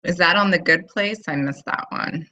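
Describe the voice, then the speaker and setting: On lo-fi audio, a woman's lowish voice sounds pushed and bright as she talks at a moderate pace. She's in her thirties, hosting a relaxed live video chat from home and rambling with lots of fillers.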